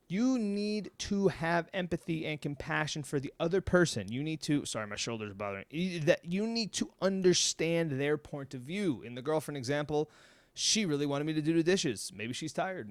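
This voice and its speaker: A man's voice: on the high side, no echo. A man talking casually to camera at home. He is blunt and chatty, checks in with "okay?" and swears now and then. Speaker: mental health video host. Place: home room.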